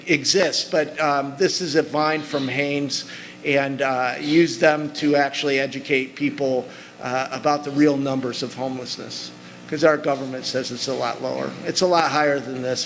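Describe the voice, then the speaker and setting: A man's voice: medium pitch, steady tone, normal speed, creaky, a bit bright, low-quality recording. A middle-aged man giving a talk to an audience, telling stories about his work in an earnest, conversational way. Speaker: speaker. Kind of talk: conference talk with slides.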